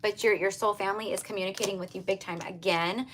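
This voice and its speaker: A woman's voice: mid-range voice, steady tone, fast talker, a bit bright, slight background noise. A woman giving a casual tarot reading, talking earnestly and repetitively to her viewers. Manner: earnest, repetitive, emphatic, addresses viewers as you guys. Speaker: tarot reader.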